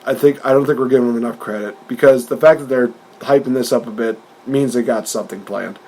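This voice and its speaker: A man's voice: mid-range voice, fast, darkish tone, slightly rough. A man co-hosting a podcast in casual chat, retelling events animatedly and often laughing. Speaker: podcast co-host.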